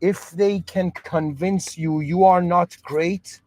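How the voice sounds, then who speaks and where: A man's voice: high-pitched, fairly even intonation, slow pace, a little mellow. A man who moved to Canada as a child, talking earnestly in a reflective monologue, restarting often and checking that the listener understands. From moved to Canada at seven. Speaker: podcast host.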